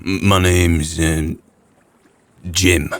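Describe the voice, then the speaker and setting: A man's voice: sits low, flat delivery, extremely slow, clear, resonant tone. A man playing a blunt, teasing, suspicious frontier fisherman. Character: gruff cagey frontier man who fishes.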